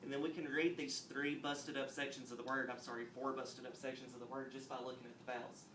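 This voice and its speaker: A man teaching a phonics lesson on video, explaining step by step and clapping out words slowly. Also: medium pitch, flat delivery, a bit bright, slight background noise. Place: classroom. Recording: roomy echo, mic at a distance, faint ambience.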